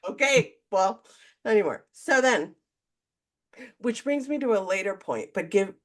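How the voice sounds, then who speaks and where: A woman's voice: mid-range voice, measured pace. Woman telling a candid story. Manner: candid, animated storytelling, acts out quotes. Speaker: podcast co-host. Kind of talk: casual storytelling chat.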